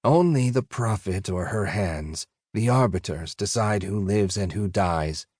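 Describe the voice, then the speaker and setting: A cold enforcer who hisses each word slowly and deliberately, as a male narrator voices him. The voice sits a touch higher than the reader's own. It is recorded close and dry. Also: expressive, a little mellow, slightly rough, dry recording. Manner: slow, hissing, deliberate.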